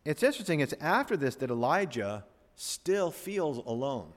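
A man preaches a sermon, his fairly high voice leaping through a wide, lively range. He drops to near hushes and then climbs to booming peaks. The sound rings with the long reverb of a large hall. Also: moderate pace. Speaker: pastor.

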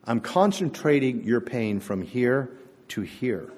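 Preacher putting on a blunt attendant in broken English. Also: male voice, medium pitch, big pitch swings, slow, darkish tone, long reverb tail. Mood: insistent. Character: male foreign gas station attendant speaking broken English.

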